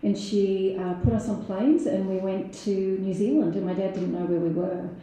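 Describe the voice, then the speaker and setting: A woman tells her recovery story at a meeting, frank and quick to laugh, filling her talk with "you know" and "um." Her voice sits at an ordinary middle pitch. The room around her is very echoey. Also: fairly even intonation, mellow. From Australia. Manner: candid, laughs often, many fillers. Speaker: AA meeting speaker. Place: meeting hall. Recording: very echoey hall.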